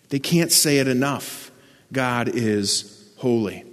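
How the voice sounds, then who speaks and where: In a large hall with long trailing reverb, a male preacher gives an earnest sermon, explaining scripture and leaning into key words with rising emphasis. His voice is an ordinary middle pitch with a fairly bright tone, and he speaks unhurriedly.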